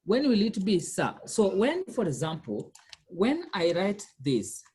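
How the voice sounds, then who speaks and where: Warm and mid-range, this woman's voice swings widely in pitch at a measured pace, with slight background noise. She's tutoring a language learner one-on-one, patiently repeating questions and testing them as she explains.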